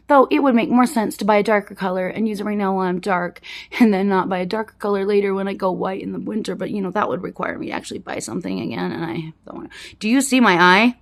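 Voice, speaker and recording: A woman's voice: mid-range voice, steady tone, fast talker. Chatty, self-deprecating woman in her fifties. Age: 50s. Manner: frank, chatty and self-deprecating, drifting into soft asides. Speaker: vlogger doing a makeup routine. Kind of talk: casual chat to camera. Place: indoors at her home desk.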